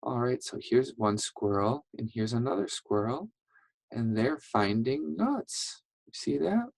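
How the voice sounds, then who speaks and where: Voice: mid-range voice, expressive, measured pace, vocal fry, darkish tone, no echo, low-quality recording. A teacher giving a reading lesson to young children, patient and encouraging, checking in often. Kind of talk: online reading lesson for first graders.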